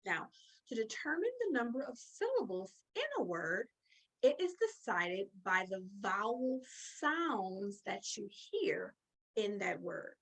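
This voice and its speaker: A woman's voice: mid-range voice, sing-song, creaky, a bit bright, low-quality recording. A woman teaching a children's phonics lesson, encouraging and drawing out words as she claps along. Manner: slow, sing-song and encouraging, drawing out words.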